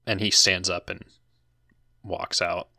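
A man running a tabletop role-playing game as game master, speaking in a halting, hesitant way. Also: low-pitched, little pitch movement, vocal fry, bright, forceful tone, no echo, studio quality.

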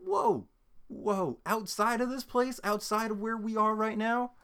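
A man's voice: measured pace, a bit bright, clear, resonant tone. A young man in casual chat, ranting with heavy swearing and frequent laughter. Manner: profane ranting, mimics people in a high voice; laughs often.

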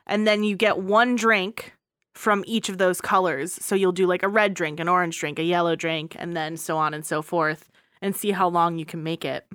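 A woman's voice: lowish voice, steady tone, normal speed, a bit bright, smooth, no room sound, clean studio sound. A woman co-hosting a casual chat, laid-back and easy to laugh, explaining things plainly. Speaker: podcast co-host.

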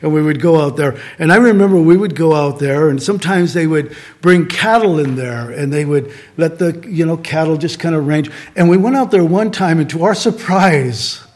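Conversational pastor, higher-pitched man. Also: darkish tone. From Southern California. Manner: conversational preaching with repeated refrains and rhetorical questions. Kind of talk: sermon.

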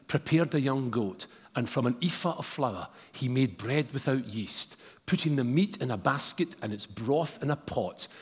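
A man's voice: on the high side, breathy edge. A man preaching a sermon and reading scripture aloud, with casual asides to the congregation. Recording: long hall reverb.

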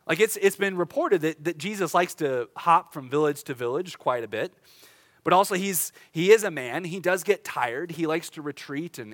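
A young adult man, a pastor, preaching a conversational sermon, chatty and light, slowing down for dramatic lines. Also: mid-range voice, fairly bright tone. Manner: conversational, with laughs and dramatic slowdowns.

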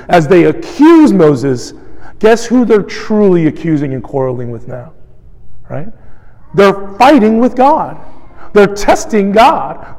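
Man, pastor, sermon, high-pitched, conversational, acts out quotes, echoing church hall.

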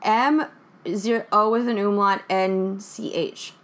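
A woman's voice: medium pitch, steady tone, slow pace. A woman co-hosting a podcast, chatting casually about a film in a rambling, joking way with lots of fillers. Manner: rambling, peppered with fillers and jokes. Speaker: podcast co-host. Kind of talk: casual chat reviewing a film.

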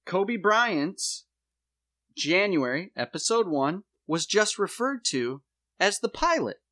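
A man hosting a comedy podcast, laying out a mock conspiracy theory in a deadpan voice with dramatic emphasis. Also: high-pitched, takes it slowly.

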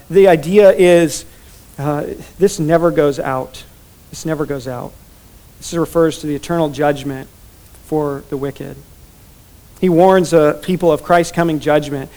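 High-voiced man preaching earnestly. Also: darkish tone. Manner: earnest, builds to rising emphatic repetition. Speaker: pastor. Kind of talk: sermon.

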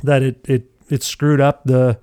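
A middle-aged man tells a self-deprecating story in a casual, animated way, often stumbling and restarting. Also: mid-range voice, unhurried, clear, resonant tone, no echo, clean studio sound. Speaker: podcast storyteller.

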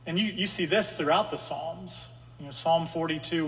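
A man's voice: fairly high pitch, normal speed, a bit bright. A man preaching a conversational sermon to a room of listeners, sometimes voicing the psalmist's anxious pleas. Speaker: pastor. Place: room with an audience. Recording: long hall reverb.

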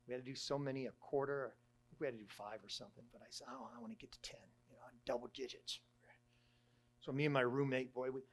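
A middle-aged man, a church elder, giving a conversational sermon in a halting way, with frequent restarts and fillers. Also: mid-range voice.

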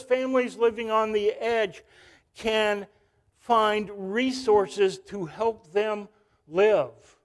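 A male pastor preaching a sermon, telling a story and calling out to the congregation. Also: high voice.

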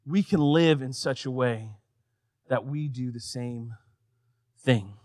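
A man preaching a sermon, swinging between loud emphatic lines and quiet, soft passages. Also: mid-range voice, slow. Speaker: pastor.

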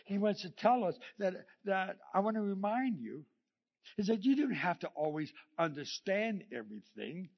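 Male preacher with a raised pitch, lively and chuckling as he tells stories, captured on a muffled, lo-fi recording. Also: normal speed, vocal fry. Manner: animated storytelling, acting out the scripture quotes; chuckles often between points. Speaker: pastor. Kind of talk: sermon. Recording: dull lo-fi sermon recording.

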